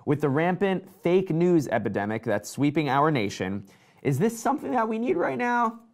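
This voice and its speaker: A man hosting a casual live tech show, talking excitedly and reading out viewer comments. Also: on the high side, normal speed.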